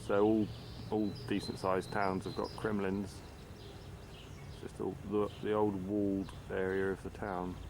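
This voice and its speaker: A man with a fairly low voice talks through a casual travel diary, offhand and hesitant, often repeating his words. He is filming outdoors by a river, and clear background noise runs under the camcorder audio. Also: little pitch movement, measured pace, darkish tone.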